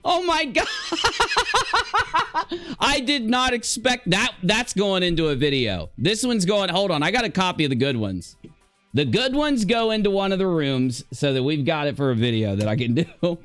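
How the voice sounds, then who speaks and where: A man live-streaming reactions to clips, excitable and quick to exclaim and laugh. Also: high voice, soft background music. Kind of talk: casual reaction commentary.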